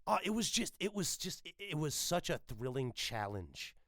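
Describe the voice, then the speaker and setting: A man's voice: a little high, big pitch swings, normal speed, fairly bright tone. A man, a voice actor, talking casually and emphatically in an interview, swearing freely. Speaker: voice actor guest.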